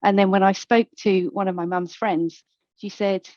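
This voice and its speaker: A woman's voice: medium pitch, normal speed, warm tone, dry recording. A woman from England speaking at a conference panel, telling a candid personal story with a playful touch. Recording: dull, dry lo-fi recording.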